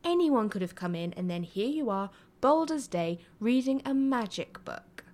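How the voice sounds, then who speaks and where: A woman's voice: fairly high pitch, big pitch swings, moderate pace, darkish tone. Haughty young prince, scoffing and superior, played by a woman reading aloud. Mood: scornful. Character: young male crown prince, smug and scornful.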